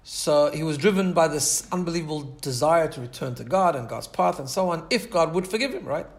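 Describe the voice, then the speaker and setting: A man's voice: a little high, expressive, fairly quick. Earnest man telling a sermon story. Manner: earnest, repeats words while telling a story. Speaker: Torah teacher.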